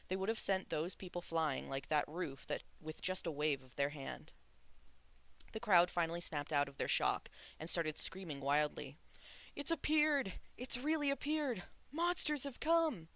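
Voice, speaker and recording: A person casually reading a novel aloud, relaxed and sometimes restarting a phrase. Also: medium pitch, normal speed, gravelly, no room sound. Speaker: reader of a novel. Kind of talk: casual read-aloud narration.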